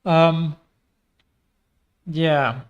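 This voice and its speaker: Male gaming host, slightly high voice, worn out, casual self-mocking commentary. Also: fairly even intonation, drawn-out words, lo-fi sound, a little hiss or hum. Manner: self-mocking, rambling with restarts. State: tired voice. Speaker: gaming video creator.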